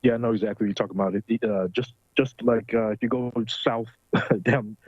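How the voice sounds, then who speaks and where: Low husky guy on a talk show, lots of uhs, muffled sound. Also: steady tone, a little fast, a little mellow, no room sound. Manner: hesitant, lots of fillers. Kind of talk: casual political talk show chat.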